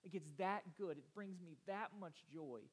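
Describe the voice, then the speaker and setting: A man's voice: sits high, normal speed. A man in his thirties, a pastor, preaching an earnest, rambling sermon told through family stories. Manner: earnest, rambling storytelling with restarts.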